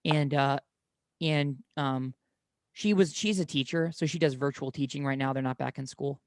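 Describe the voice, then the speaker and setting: A man's voice: mid-range voice, moderate pace, a little mellow, no room sound, clean studio sound. A young man telling rambling personal stories in casual conversation, often correcting himself mid-sentence. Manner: rambling storyteller, many self-corrections.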